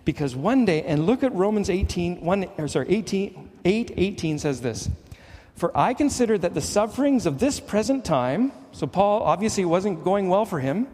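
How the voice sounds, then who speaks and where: Middle-aged Canadian-raised male pastor, earnest sermon delivery, slightly high voice, long reverb of a church hall. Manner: earnest preaching, rising to emphatic highs and dropping to hushed lows.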